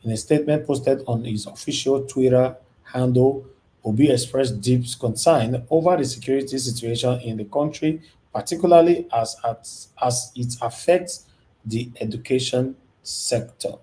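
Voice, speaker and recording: A man's voice: medium pitch, normal speed, warm tone. A man with a Nigerian accent hosting a live-stream call-in show, casual and teasing, shifting between formal and street speech.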